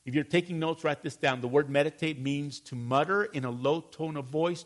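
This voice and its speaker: A male pastor preaching a sermon, animated and calling for responses from the congregation. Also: a little high, moderate pace, hardly any pauses.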